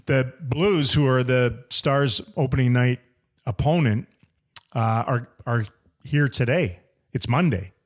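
A man's voice: medium pitch, slow pace. A man co-hosting a sports podcast, chatting casually and playfully with frequent repeated words. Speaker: podcast co-host. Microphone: studio headphones and mic.

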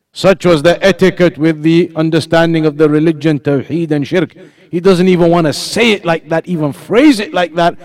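A man's voice: fairly high pitch, moderate pace, a little mellow. A man teaching an Islamic lesson, explaining points patiently, repeating them and putting questions to his students.

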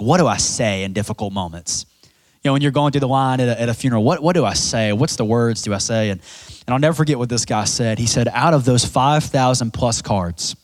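A young man preaching a sermon as pastor, with an animated delivery that swings between loud emphasis and hushed lines. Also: mid-range voice.

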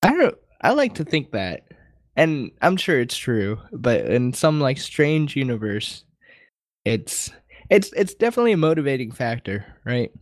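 Lively animated man on a podcast. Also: medium pitch, unhurried, no room sound, studio quality. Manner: laughs often, animated delivery. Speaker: podcast co-host. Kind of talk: casual chat.

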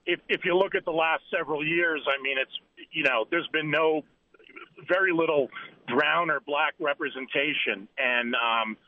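A man calling into a talk show, speaking haltingly and repeating his words. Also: fairly high pitch. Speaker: caller. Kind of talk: phone-in call. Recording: dull, lo-fi phone line.

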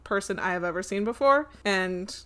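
A woman's voice: mid-range voice, moderate pace, bright, forceful tone, clear, resonant tone. A young woman in casual chat, telling work stories and laughing often between lines. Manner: giggly storyteller, laughs often, acts out customers. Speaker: store clerk.

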